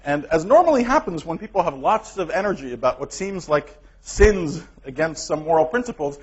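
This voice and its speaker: A man gives an academic colloquium in a lecture hall, speaking with lots of energy and emphasis. His voice sits fairly high. The recording is dull and lo-fi. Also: moderate pace, breathy edge. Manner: energetic, emphatic, laughing at his own remarks. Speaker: guest lecturer. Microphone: clip-on microphone.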